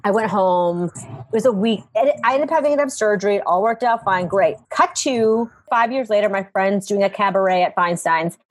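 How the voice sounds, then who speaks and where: Husky-voiced woman telling a funny story. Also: medium pitch, normal speed. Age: adult with young children. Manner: animated, acts out people in her stories. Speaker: improv comedian guest. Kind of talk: casual comedic storytelling.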